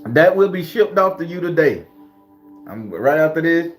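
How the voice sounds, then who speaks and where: A man hosting a live stream as a tarot reader, chatting casually with viewers in an animated, profane way, laughing often and slipping into preachy pep talks. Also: on the high side, moderate pace, soft background music.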